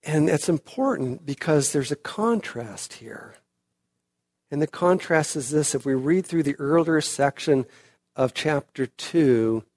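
A man preaching an expository sermon, slow and emphatic, building to loud, high peaks and then dropping back quiet.

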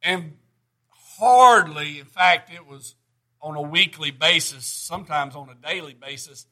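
A man's voice: fairly high pitch, measured pace, pushed and bright. A middle-aged man preaching a sermon, folksy and plainspoken, rising to emphatic bursts.

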